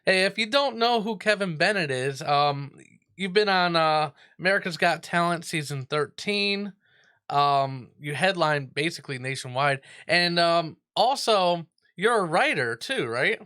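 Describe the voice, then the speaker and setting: A man's voice: a little high, expressive, unhurried, sharp tone, clear, resonant tone. A man hosting a radio show, asking questions with lots of ums and uhs. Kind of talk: casual interview.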